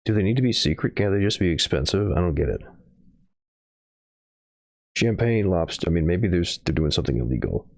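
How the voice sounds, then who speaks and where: A man's voice: low voice, very animated, fast talker, gravelly, hardly any pauses, dry recording, studio quality. A man streaming from home, reading news headlines and adding rambling, sarcastic asides. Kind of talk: casual livestream commentary.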